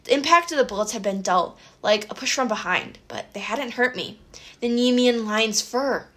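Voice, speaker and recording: Bright, expressive woman narrating an audiobook. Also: a little high, moderate pace. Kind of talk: first-person audiobook narration.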